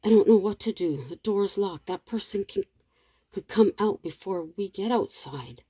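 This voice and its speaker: A woman's voice: mid-range voice, lively intonation, normal speed, warm tone, slightly rough, pitched above the performer's own voice. A woman reading a panicked young woman's lines in a shaky, urgent way.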